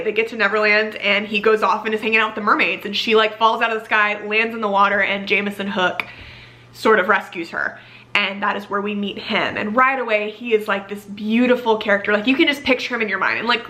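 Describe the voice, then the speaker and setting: A woman's voice: medium pitch, sharp tone. A young woman reviewing a book in casual, gushing chat, filling her talk with "like". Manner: gushing, filler-heavy with frequent "like".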